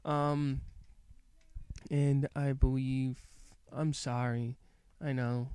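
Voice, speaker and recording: A man's voice: mid-range voice, level tone, drawn-out words, darkish tone, clear, resonant tone, no room sound. A man casually recapping an anime episode as a reviewer, rambling and hesitant with lots of fillers.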